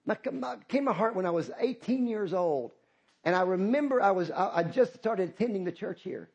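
A man's voice: sits high, lively intonation, fairly quick, vocal fry, darkish tone, husky, muffled recording. A middle-aged man, preaching a sermon as pastor, impassioned and repetitive, calling out to the congregation.

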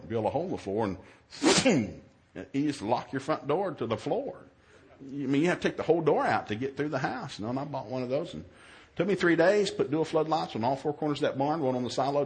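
A man who is a minister, telling a humorous story in a sermon, acting out his own yelled lines in a raised voice. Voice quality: animated, shifts to high yelling quotes.

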